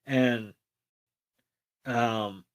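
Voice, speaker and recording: A man's voice: mid-range voice, fairly even intonation, extremely slow. A man co-hosting a podcast, recapping an episode loosely with plenty of fillers. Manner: rambling, loose delivery with many fillers. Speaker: podcast co-host.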